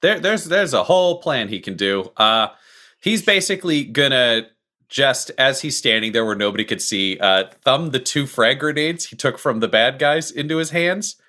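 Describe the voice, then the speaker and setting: A man's voice: mid-range voice, expressive, moderate pace, sharp tone. A man playing in a tabletop game, laying out plain questions and plans. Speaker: player. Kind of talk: casual tabletop play.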